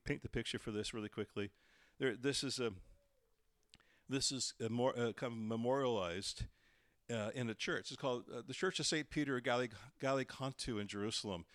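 Male pastor, mid-pitched, expressive sermon delivery, dry close recording. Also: normal speed, no room sound. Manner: animated storytelling, acting out quoted voices.

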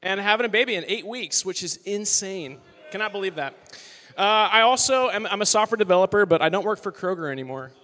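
A young man in his twenties gives a loose, joking sermon to a college crowd, chatty and upbeat. His voice sits high and sounds bright and forceful. The room rings with the long reverb of a large hall. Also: animated, a little fast. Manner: chatty and upbeat, full of "like" and "you know". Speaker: worship leader preaching. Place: large worship hall with live audience.

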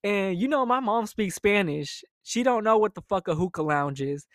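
A young man telling a personal story in a casual, animated, profane monologue as host of his own storytime show. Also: high-pitched, normal speed, dry recording, studio quality.

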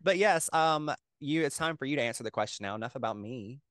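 A man's voice: mid-range voice, lively intonation, brisk, fairly bright tone, no echo, studio quality. A young man co-hosting a podcast, chatting casually with a rambling, filler-heavy way of talking. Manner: rambling, filler-heavy, lots of "like" and "you know". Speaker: podcast co-host. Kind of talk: casual chat.

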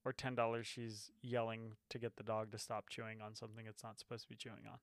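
Animated bright-voiced young man. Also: lowish voice, no room sound, clean studio sound. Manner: animated, laughs easily, quick to tease. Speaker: podcast co-host. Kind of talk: casual podcast banter. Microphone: close podcast mic.

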